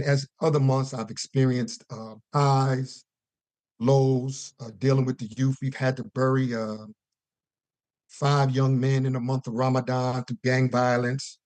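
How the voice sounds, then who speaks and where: A man's voice: medium pitch, a little mellow, dry recording. A man calling in to a religious conference call, giving an earnest, preacher-like testimony and stretching out key words. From US East Coast. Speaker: caller.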